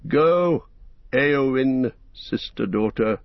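A man voicing a frail, weary old king who speaks slowly and haltingly. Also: medium pitch, lively intonation, dry recording. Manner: slow, faltering. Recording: dull dry lo-fi recording.

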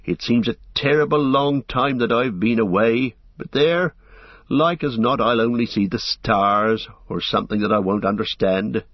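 A man's voice: mid-range voice, moderate pace, no room sound, lightly acted. A man voicing a loyal, homely male hobbit servant with rustic country speech, on a dull lo-fi recording. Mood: wistful.

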